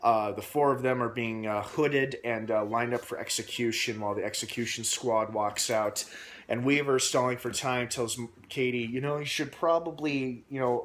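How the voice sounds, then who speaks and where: A man recapping a TV episode in a casual, rambling vlog with many pauses and fillers. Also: medium pitch, a bit bright, a little hiss or hum. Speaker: TV episode reviewer.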